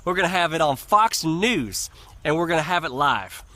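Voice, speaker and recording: A frank, matter-of-fact male campaign adviser, as a storyteller voices him, laying out a plan. His voice is high and bright. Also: animated, normal speed.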